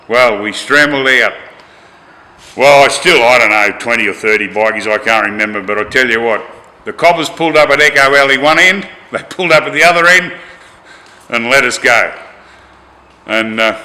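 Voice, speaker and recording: An older Australian man telling a rough-and-tumble story from his past in a colloquial, animated, yarn-spinning way. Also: medium pitch, in a large hall, low-quality recording. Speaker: interviewee. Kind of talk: storytelling anecdote.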